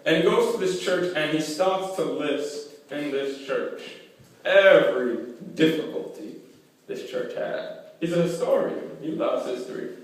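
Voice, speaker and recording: A man's voice: fairly high pitch, lively intonation. A male pastor preaching in an echoey hall. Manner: builds to loud emphatic peaks, then drops to quiet trailing endings; slow deliberate phrasing on key lines, quick asides when storytelling. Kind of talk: sermon. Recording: echoey church hall, mic at a distance.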